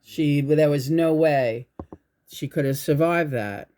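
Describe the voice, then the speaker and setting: A woman hosting her own channel, telling a spiritual story in a rambling, halting way, restarting her sentences and swearing. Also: sits low, dark tone. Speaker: channel host. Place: indoors at home.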